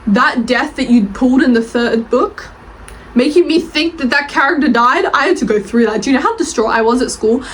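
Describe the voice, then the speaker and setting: A young woman gushes about her favorite books in a rambling, casual vlog. Her voice sits slightly high, and she swears and laughs freely. A faint ambient hum sits under her voice. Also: a little fast, low-quality recording. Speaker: book reviewer and author. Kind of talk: casual bookish vlog chat.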